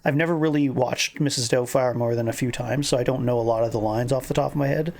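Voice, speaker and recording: A man's voice: mid-range voice, fairly even intonation, quick pace, vocal fry, a little mellow. A man hosting a casual game playthrough, chatting and reading aloud, often breaking into laughter. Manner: giggly, rambling, breaks into laughter. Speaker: host. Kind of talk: casual chat while reading an interactive novel.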